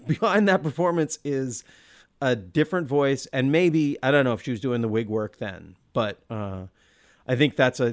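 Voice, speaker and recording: A man in the middle of the male range co-hosting a casual film discussion. He talks with enthusiasm and thinks aloud, often drawing words out slowly or restarting a sentence before he goes on. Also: mid-range voice. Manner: thoughtful, enthusiastic, drawn-out words and frequent restarts. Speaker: podcast co-host.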